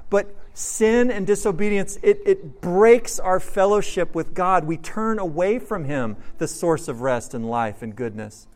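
Earnest high-voiced male pastor preaching. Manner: earnest, with dramatic swings between soft and emphatic. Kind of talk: sermon.

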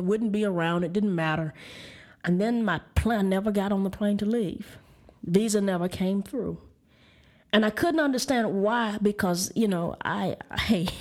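A woman's voice: mid-range voice, darkish tone. A woman preaching and telling a candid personal story of frustration and faith, with restarts and light laughs. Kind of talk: personal testimony sermon.

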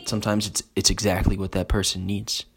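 Lower-voiced young man rambling crudely. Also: flat delivery, fairly quick, gravelly, slightly rough, faint music behind. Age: 20s. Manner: loose, profane, meandering with lots of "like". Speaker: podcast host. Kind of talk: crude rambling comedy monologue. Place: bathroom in his family's home.

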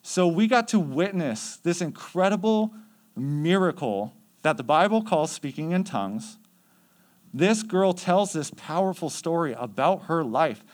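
A man leading youth mission trips tells stories in a casual, conversational way, full of fillers. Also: on the high side. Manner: conversational, chatty with many fillers. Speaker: youth mission trip leader. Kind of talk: casual storytelling.

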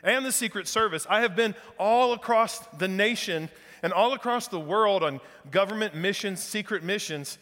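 A man's voice: sits high, moderate pace, pushed and bright, long reverb tail. A man voicing a talking dog that politely brags about his travels. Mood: boastful. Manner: polite, proud bragging. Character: boastful male talking dog.

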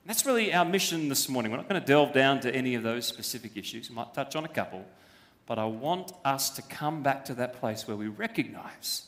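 Pastor, man, high-pitched, emphatic preaching style, long church-hall reverb. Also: fairly bright tone. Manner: emphatic, uses rhetorical questions. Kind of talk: sermon.

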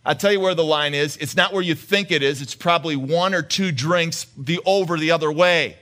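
A man's voice: fairly high pitch, fairly quick, a bit bright. A male pastor preaching a conversational sermon, questioning the congregation and often repeating his words.

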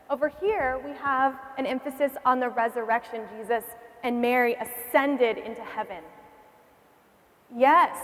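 A young woman teaching a church history class who asks her listeners questions and repeats their answers. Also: high voice. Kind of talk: classroom lecture. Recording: long reverb in a hall.

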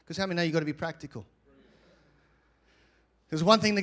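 A man preaching a sermon as pastor, energetic, with repeated phrases and swings between loud and quiet. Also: high voice, fast, pauses often.

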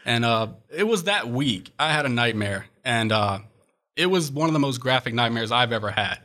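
A young man with a bright, forceful voice, speaking as a guest on an interview show. He tells his story earnestly and reflectively, with plenty of "uh"s along the way. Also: medium pitch, expressive, moderate pace. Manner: earnest, reflective, frequent "uh" fillers. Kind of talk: personal testimony in interview.

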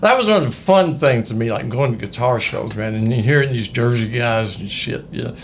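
An enthusiastic man tells stories with a lively, swooping delivery and a gravelly edge, swearing casually along the way. Faint noise sits underneath. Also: mid-range voice, brisk. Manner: enthusiastic, profane, animated storyteller. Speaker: podcast guest. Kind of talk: casual chat.

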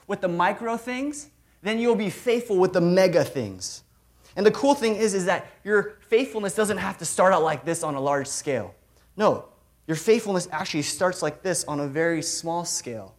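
A preacher giving a sermon to a large room of people, talking emphatically, repeating key phrases and swinging between loud and soft. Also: mid-range voice. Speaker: preacher, regional ministry director. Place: large room with a big audience.

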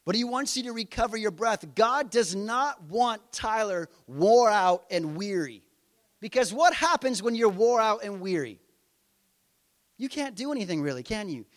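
A man's voice: sits high, very animated, moderate pace. A middle-aged man preaching a conversational sermon, asking his listeners rhetorical questions. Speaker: pastor.

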